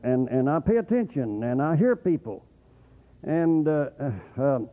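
A man preaching a rambling, folksy sermon, often swooping up into excited whoops. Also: sits high. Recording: tinny phone-like radio broadcast.

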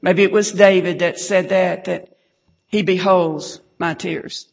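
A woman preaches a fervent, emotional testimony, often breaking into hallelujah and sinking to a hush for the saddest parts. Her voice has a gravelly, creaky edge. It rings out with a long reverb through a church hall. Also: fairly low pitch, steady tone, slow. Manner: fervent, repeats hallelujah, drops to a hush at times.

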